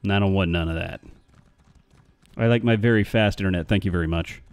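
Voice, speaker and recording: A man's voice: low-pitched, fairly quick, clear, resonant tone, no room sound. A man chatting casually on a live game stream, rambling and answering his chat.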